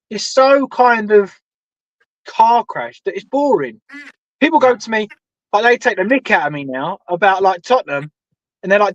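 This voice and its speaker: High-voiced man on a dull dry call. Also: lively intonation, brisk, fairly bright tone, no room sound. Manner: rambling, repeats himself. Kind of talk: casual live stream chat.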